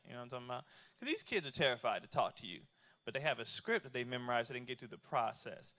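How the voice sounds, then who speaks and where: A man's voice: medium pitch, sharp tone. A man in his thirties doing stand-up comedy, talking loosely and conversationally with lots of fillers and rhetorical questions to the audience.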